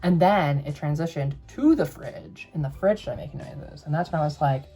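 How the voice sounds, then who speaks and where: Young drag queen man spilling ghost stories, foul-mouthed and dramatic, mellow raspy tone. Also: fairly high pitch, normal speed, faint music behind. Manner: sassy, profane, dramatic. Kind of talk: casual storytelling to camera.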